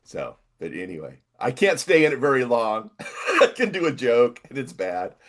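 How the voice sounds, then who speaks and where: An older man co-hosting a casual chat, rambling and reading text aloud in halting bits. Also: medium pitch, wildly swooping pitch, fairly bright tone. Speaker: podcast co-host.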